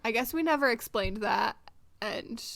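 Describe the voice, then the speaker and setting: A woman's voice: on the high side, lively intonation, moderate pace, gravelly, fairly bright tone. Chatty young woman co-host. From Michigan. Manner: chatty, enthusiastic. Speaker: podcast co-host. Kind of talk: casual chat.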